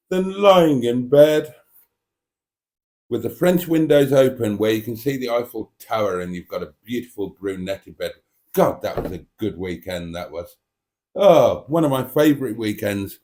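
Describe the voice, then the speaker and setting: A man's voice: mid-range voice, lively intonation, normal speed, darkish tone. A British man hosting a live stream, chatting in a casual, reflective and self-mocking way. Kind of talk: casual rambling live chat.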